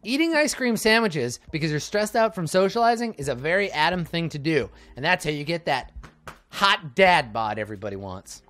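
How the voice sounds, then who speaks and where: A man reading a dating-sim game aloud for laughs, animated and jokey, swinging between loud outbursts and mumbled asides. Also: on the high side, moderate pace. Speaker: let's-play gamer. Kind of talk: comedic game read-through.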